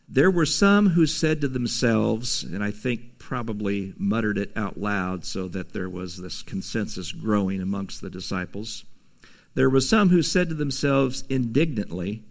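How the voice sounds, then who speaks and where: Male pastor, low gravelly voice, conversational sermon, casual asides. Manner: conversational, with asides and soft laughs.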